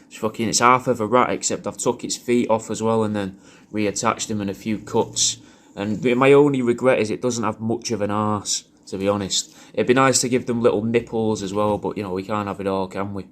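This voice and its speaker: A man's voice: lowish voice, steady tone, brisk. A man talking in a crude, rambling way, recording a personal video message full of swearing and restarts. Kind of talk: casual rambling monologue.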